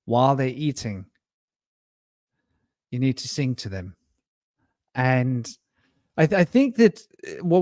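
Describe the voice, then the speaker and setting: A man's voice: medium pitch, a little mellow, dry recording, clean studio sound. A man, telling rambling stories and laughing often during an online panel discussion. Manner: rambling, anecdotal, quick to laugh. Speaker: round table participant. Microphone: video call.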